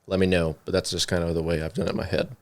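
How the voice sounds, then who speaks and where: A young man with a lowish voice chats on a church podcast. He talks in a relaxed, rambling way full of fillers and turns his thoughts into questions for his co-host. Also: very fast, clear, resonant tone. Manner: conversational, many fillers, asks questions. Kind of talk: casual podcast discussion.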